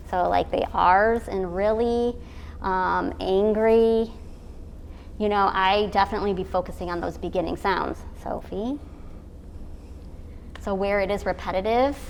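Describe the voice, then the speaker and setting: A woman's voice: on the low side, vocal fry, slight background noise, poor audio. A woman teacher describing how she would focus a kindergarten lesson, thinking aloud as she goes.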